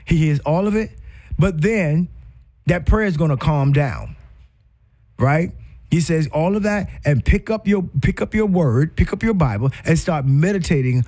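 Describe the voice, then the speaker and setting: Male preacher, higher voice, conversational sermon delivery with emphatic rises and repeats. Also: sing-song, moderate pace, a little mellow.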